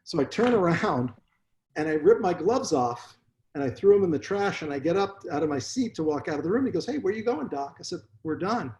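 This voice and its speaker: A man's voice: on the high side, fairly quick. A man, a dentist, telling blunt stories from his practice in a casual interview. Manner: blunt, animated storyteller. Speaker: dentist guest.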